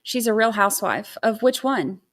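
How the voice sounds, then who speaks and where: A woman's voice: mid-range voice, expressive, moderate pace. A woman hosting a livestream, chatting casually with sarcastic, scattered asides and thanking viewers for gifts. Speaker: livestream host.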